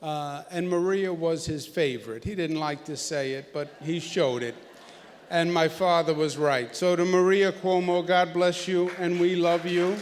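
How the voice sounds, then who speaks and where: A man's voice: a little high, steady tone, unhurried. A man giving a speech at a ceremony, joking and emphatic. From New York. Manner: joking, then emphatic and forceful. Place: large banquet hall. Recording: echoey hall.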